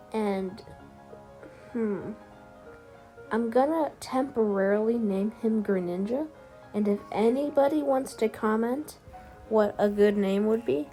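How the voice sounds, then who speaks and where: Woman, video narrator, casual storytelling, slow, mid-pitched, rambling, faint background music. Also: dark tone. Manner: rambling, with many fillers and restarts. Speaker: YouTube fan-story narrator.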